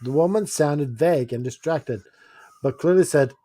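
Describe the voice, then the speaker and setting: A man's voice: fairly high pitch, normal speed, dark tone, no room sound. A man co-hosting a casual podcast, telling stories and laughing often as he acts out quoted lines. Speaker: podcast co-host. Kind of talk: casual chat.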